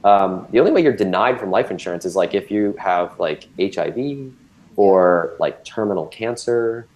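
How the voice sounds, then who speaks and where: A man's voice: deep voice, lively intonation, moderate pace, darkish tone, low-quality recording. Man in his thirties telling his story. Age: 30s. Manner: candid, filler-heavy storytelling with many ums and restarts. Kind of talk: personal storytelling in conversation.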